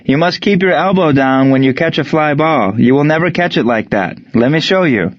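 A man putting on a proud German prisoner in a storybook reading, stiff and formal, each phrase set down with care. The voice sits a touch higher than a plain narrating voice. The recording is dry and a bit dull. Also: animated, normal speed, no room sound, lightly acted.

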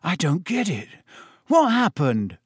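A man's voice: sits high, wildly swooping pitch, slow, breathy edge, no room sound, studio quality, pitched above the performer's own voice, heavily acted. A man reading aloud and voicing a shaken, confused teenage schoolboy asking dazed questions.

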